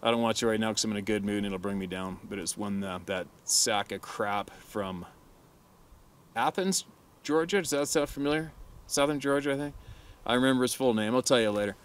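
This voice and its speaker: A man's voice: lowish voice, brisk, a little hiss or hum. A middle-aged man, a hunting guide, telling a crude story casually and laughing often. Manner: laughs often, crude and animated when quoting.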